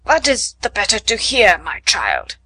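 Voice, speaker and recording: A woman voicing a wicked male wolf who pretends to be a grandmother, speaking low and falsely soft. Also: huge pitch swings, measured pace, exaggerated voice. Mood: falsely sweet.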